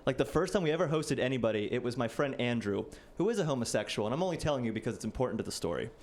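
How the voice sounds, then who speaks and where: Speaking very fast in a darkish, expressive mid-range voice, a stand-up comic in his late twenties pokes fun at himself before a live audience. His casual routine is scattered with "like."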